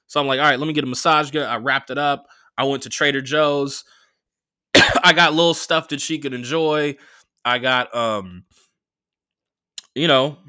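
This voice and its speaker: A young man hosting a podcast, telling a personal story in a casual, animated way, with lots of swearing and quoted dialogue. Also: medium pitch, dry recording, studio quality. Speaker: podcast host.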